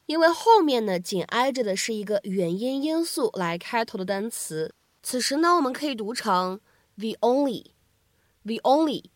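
A woman teacher giving a scripted English lesson, cheerful and explanatory, slowing down to repeat phrases. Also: a little high, fairly bright tone, no room sound, studio quality.

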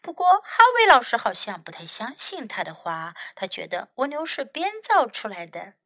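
Bright-voiced woman teaching kids English. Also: a little high, big pitch swings, moderate pace, no room sound. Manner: gentle, explaining to children. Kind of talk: children's story lesson.

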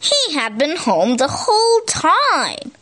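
High, lively woman reading a storybook. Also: slow, a little hiss or hum. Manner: animated, expressive. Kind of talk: reading a picture book aloud.

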